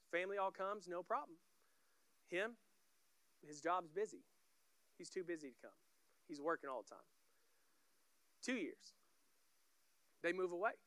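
A man's voice: high voice, a bit bright, smooth, no room sound. A man giving a sermon as a guest pastor, telling stories conversationally in short clipped phrases.

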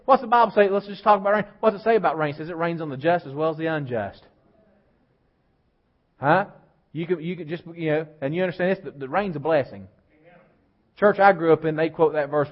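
A man preaching a sermon as pastor, starting low and quiet and building to loud, emphatic preaching. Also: quick pace, lo-fi sound.

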